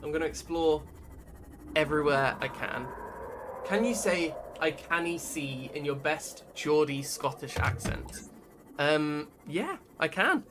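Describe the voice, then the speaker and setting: A man's voice: a little high, expressive, a little slow, noisy background. A man giving rambling, casual commentary while streaming a game and reading out chat messages. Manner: chatty, rambling, reads chat aloud. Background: game music.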